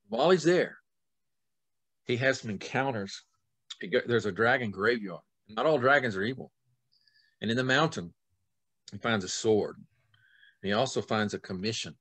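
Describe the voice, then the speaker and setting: A middle-aged man, an author, telling a story in an animated way, swinging between loud and soft as he acts out the scenes. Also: fairly low pitch, dry recording. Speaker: author guest.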